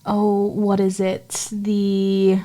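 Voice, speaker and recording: A woman co-hosting a casual podcast, with a voice at an ordinary middle pitch. She talks bluntly and opinionatedly, and swears freely. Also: completely flat delivery, drawn-out words, mellow. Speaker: podcast co-host. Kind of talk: casual chat.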